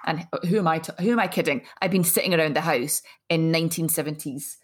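A woman with a very low, deep voice hosts a chat podcast. She rambles in an animated way and pokes fun at herself. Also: fast talker. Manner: rambling, animated, self-mocking. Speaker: podcast host. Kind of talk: casual chat.

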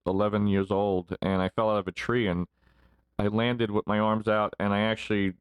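A man's voice: lowish voice, little pitch movement, normal speed, clear, resonant tone, dry recording, highs cut off. A man in his forties, a podcast guest telling rambling stories and laughing often as he talks. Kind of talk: casual storytelling interview.

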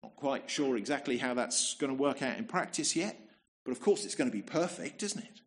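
A man delivering a sermon in a relaxed, conversational way, leaning on rhetorical tag questions. He often repeats a word as he restarts a thought. His voice sits in an ordinary middle register. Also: medium pitch, brisk. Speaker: preacher.

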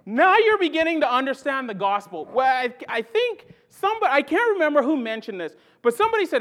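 A pastor preaching a sermon emphatically, repeating key phrases and swinging between loud stresses and hushed lines. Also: high voice, sing-song, fairly quick, hardly any pauses.

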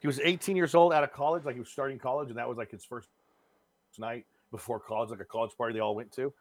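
A man trades casual, profane banter about bad films on a podcast, slipping into dark humor as he tells stories. His voice sits in a middle pitch. The mic is close and dry, with no room sound. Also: fast talker, no room sound. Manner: animated storyteller, swears freely, dark jokes. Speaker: podcast co-host. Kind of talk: casual movie-review chat.

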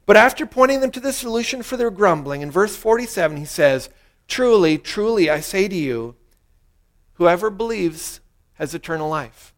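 In an earnest sermon, a high-voiced male pastor has his listeners repeat a short prayer line by line. His delivery has lively intonation and moves at a normal speed.

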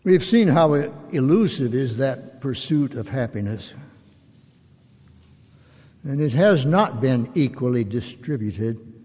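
An older man, a pastor, giving a slow and reflective sermon in measured, drawn-out phrases. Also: medium pitch, lively intonation, warm tone. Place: church sanctuary. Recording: long reverb of a church hall.

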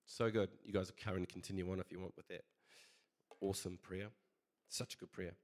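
Chatty, low-voiced male preacher. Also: little pitch movement, moderate pace, darkish tone. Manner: conversational, chatty storyteller with many fillers. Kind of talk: casual sermon.

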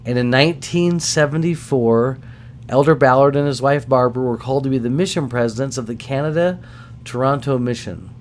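Middle-aged guy hosting a podcast, chatty animated storytelling, pokes fun at himself, mid-pitched voice, faint hum behind. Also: a little fast. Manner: animated, self-deprecating, acts out voices in anecdotes. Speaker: podcast host. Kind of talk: casual storytelling.

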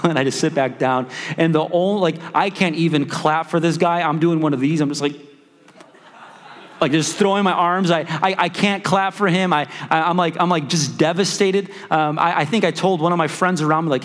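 A pastor telling a personal story in a sermon, animated and acting out his own thoughts. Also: fairly high pitch, fairly quick, big-room sound.

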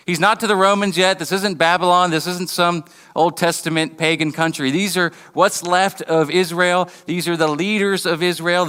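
Bright-voiced man preaching in a reverberant hall. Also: fairly high pitch, clear, resonant tone. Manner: conversational storytelling preaching with restarts. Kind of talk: sermon. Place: church hall.

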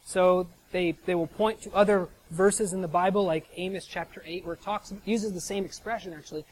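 A man's voice: high-pitched, steady tone, a little fast, hardly any pauses, slight background noise, rough recording. Conversational American man preaching. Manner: chatty, asks rhetorical "right?". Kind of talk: conversational sermon.

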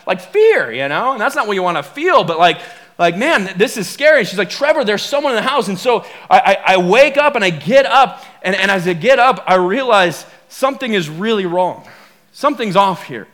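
Animated pastor telling a story, bright voice. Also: male voice, high voice, normal speed. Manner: animated storyteller, acts out quotes, frequent fillers and repeats. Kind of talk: sermon storytelling.

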